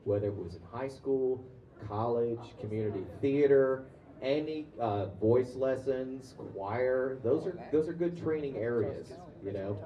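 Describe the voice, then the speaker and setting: A man's voice: medium pitch, measured pace, highs cut off. A man on a convention panel casually telling stories to an audience, with frequent fillers and restarts. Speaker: convention panelist, comics artist and voice actor. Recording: echoey room, far-off mic.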